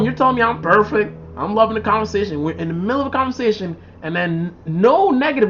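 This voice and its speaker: A man hosting a casual livestream, reading out viewer comments and telling rambling stories in an animated way. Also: sits high, quick pace, hardly any pauses. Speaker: livestream host. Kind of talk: casual live-stream chat. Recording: dull lo-fi livestream audio.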